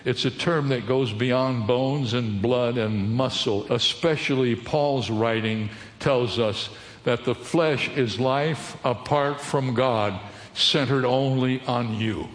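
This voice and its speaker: A man preaching to his congregation, his medium-pitched voice ringing through a large hall with long reverb. He teaches in a steady sermon manner and keeps putting questions to his listeners. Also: slow pace. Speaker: pastor.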